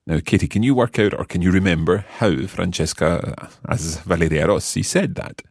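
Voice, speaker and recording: Deep-voiced husky male language teacher. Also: normal speed, dry recording, studio quality. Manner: patient, explains step by step and quizzes the learner. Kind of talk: explaining a language lesson.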